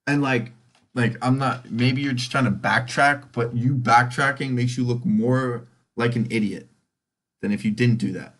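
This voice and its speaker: A man's voice: mid-range voice, steady tone, unhurried, fairly bright tone. A young man hosting a casual solo podcast, rambling and swearing freely as he drifts between tangents. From California. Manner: rambling, profane, goes off on tangents. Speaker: podcast host.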